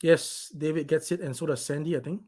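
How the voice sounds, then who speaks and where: A man's voice: fairly high pitch, fairly even intonation, brisk, warm tone, breathy edge. A man hosting his own live stream, reading out viewer comments in an irritated, blunt, rambling way and swearing now and then.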